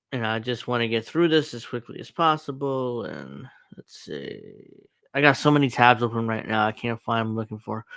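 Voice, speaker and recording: A man's voice: medium pitch, fairly bright tone, clear, resonant tone, no echo. A man hosting his show alone, chatting casually and rambling with lots of fillers as he sets up a clip. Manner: rambling, with many fillers and asides. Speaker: podcast host. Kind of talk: casual solo commentary.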